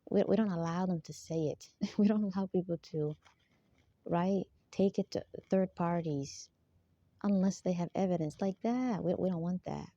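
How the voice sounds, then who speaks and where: A spiritual vlogger delivers a rambling monologue, repeatedly asking for agreement and laughing between points. Her fairly low, mellow voice moves at a moderate pace, and the recording is dry with a dull lo-fi quality.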